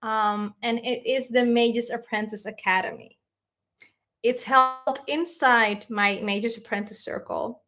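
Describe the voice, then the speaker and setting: A woman's voice: fairly high pitch, fairly even intonation, takes it slowly, sharp tone. A woman hosting a spiritual livestream, talking in a heartfelt, rambling way, reading the chat aloud and fighting back tears. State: tearful. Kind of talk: emotional livestream talk.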